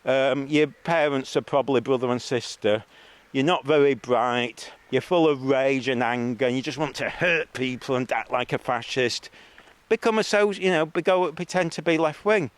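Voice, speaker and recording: A man's voice: mid-range voice, normal speed, clean tone. A man giving a rambling, scornful monologue to camera as a street video blogger, full of ums and mocking jibes. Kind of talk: ranting monologue.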